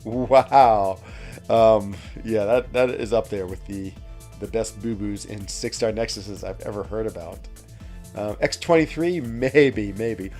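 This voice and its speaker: This livestream host, a man from West Virginia, speaks at a moderate pace in a lowish, dark-toned voice, with faint music in the background. Chatty and rambling, he tells stories laced with fillers and laughs and reads out the chat.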